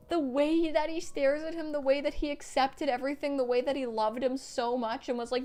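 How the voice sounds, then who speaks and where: A young woman streaming as she reads a novel aloud, gushing and squealing with excitement at the cute parts. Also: high-pitched, brisk, few pauses. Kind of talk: live-stream read-along with reactions.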